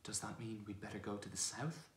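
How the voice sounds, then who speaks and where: A timid young boy who speaks softly and hesitantly, as a man puts on the voice while reading a storybook. The voice is raised above a low base. It carries the ring of an echoey room. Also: brisk, lightly acted. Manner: soft, hesitant, eager.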